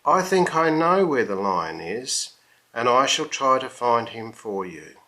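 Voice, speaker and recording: A man voicing a meek, kind little boy from a circus in a storybook reading, speaking gently and politely. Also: mid-range voice, very animated, unhurried, low-quality recording. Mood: gentle.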